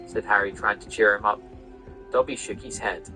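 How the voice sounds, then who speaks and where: A man reading a novel aloud in steady storybook narration. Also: lowish voice, moderate pace, music in the background, poor audio. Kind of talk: casual read-aloud narration over gameplay.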